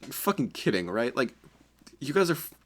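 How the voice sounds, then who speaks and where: A man's voice: medium pitch, very animated, normal speed. A man voicing a crude, dismissive young male ninja who swears and sounds exasperated. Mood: annoyed. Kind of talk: fan-made story narration.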